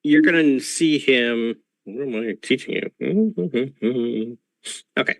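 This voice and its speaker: A man's voice: mid-range voice, slow pace, creaky, no echo. A man running a tabletop game over a video call, lecturing patiently as a professor, with many ums. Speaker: game master playing a professor.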